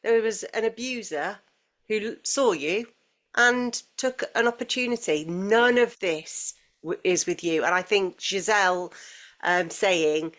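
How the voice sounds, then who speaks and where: A woman's voice: mid-range voice, unhurried, fairly bright tone. A woman co-hosting a podcast in casual, earnest conversation, often restarting phrases and acting out quoted voices. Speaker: podcast co-host.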